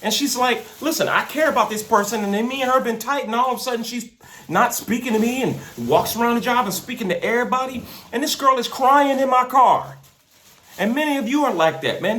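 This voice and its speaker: A man's voice: very high voice, lively intonation, fairly quick, sharp tone, echoey room. A man hosting a faith podcast, preaching with energy and street slang, often repeating his words. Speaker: podcast host and minister. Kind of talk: preaching-style podcast talk. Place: in a car.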